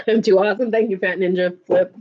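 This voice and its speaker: A woman's voice: medium pitch, steady tone, a little fast, highs cut off. A woman in her thirties chatting casually on a live stream, laughing often and answering viewer comments.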